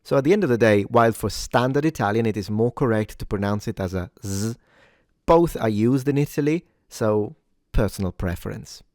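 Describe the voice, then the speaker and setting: A man hosting a pronunciation lesson, speaking clearly and deliberately, and slowing down to model each word. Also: lowish voice, expressive, darkish tone, no echo, clean studio sound. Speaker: pronunciation teacher.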